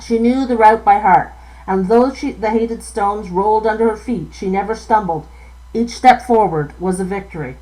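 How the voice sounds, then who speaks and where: A woman's voice: mid-range voice, normal speed, mellow, low-quality recording. Woman, author, live novel reading, stumbles and self-corrects.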